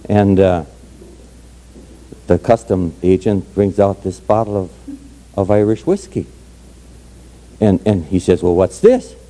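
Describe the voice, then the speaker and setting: A hoarse man telling folksy jokes to an audience in a parlor. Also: deep voice, steady tone, takes it slowly, pauses often, mellow. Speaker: entertainer telling Irish jokes.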